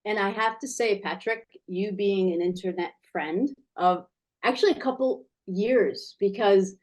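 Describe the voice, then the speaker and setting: A woman in her forties, a children's language teacher, talking in an enthusiastic, animated way with rambling restarts in a casual interview. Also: mid-range voice, a little slow.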